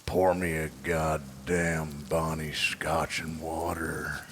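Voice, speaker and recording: A man's voice: rumbling low, flat delivery, slow pace, fairly bright tone, a little hiss or hum, heavily acted. A man voicing a crusty, drunk, very old sea captain who rambles through crude sea tales. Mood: crude boasting. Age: older.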